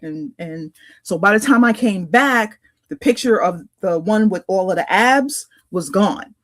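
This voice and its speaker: A woman's voice: medium pitch, animated, a little slow, fairly bright tone. A woman co-hosting a podcast who tells a story in casual chat. She rambles and hesitates, with many fillers and restarts. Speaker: podcast co-host.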